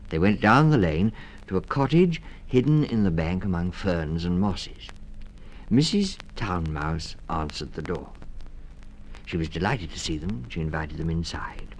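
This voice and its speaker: A man reading a children's storybook aloud in a gentle, expressive storytelling manner. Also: sits low, measured pace.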